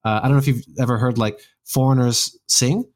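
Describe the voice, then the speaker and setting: A man's voice: mid-range voice, fairly even intonation, fairly quick, a little mellow. Casual male guest, rambling delivery full of restarts. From United States. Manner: rambling, many restarts and fillers. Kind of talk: casual conversation.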